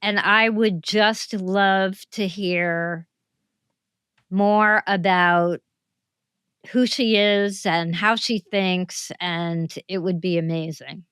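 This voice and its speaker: Slow, smooth-voiced woman in her seventies. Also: mid-range voice, fairly even intonation, fairly bright tone, dry recording, clean studio sound. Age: 70s. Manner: thoughtful, measured storytelling. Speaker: talk show guest. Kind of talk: interview conversation.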